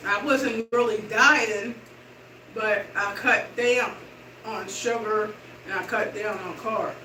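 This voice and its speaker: A woman's voice: medium pitch, steady tone, sharp tone. Chatty middle-aged woman, roomy and distant. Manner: chatty, slow walking while talking. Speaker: vlogger. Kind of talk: casual chat to viewers while exercising. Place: indoor room with hardwood floor. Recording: roomy, distant and noisy room sound.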